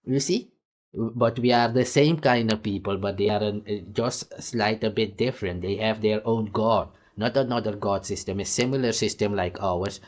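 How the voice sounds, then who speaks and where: A man's voice: fairly low pitch, normal speed. A man from Suriname hosting a reaction video, talking in a rambling, casual way and acting out conversations in raised voices. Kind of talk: casual commentary.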